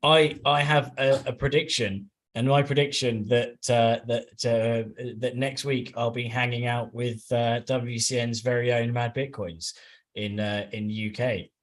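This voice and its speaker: A man from England chatting casually as a regular panelist. He stumbles through his points with frequent restarts and fillers, his voice sitting at an ordinary middle pitch. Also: fairly even intonation. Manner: halting, many restarts and fillers. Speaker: show regular.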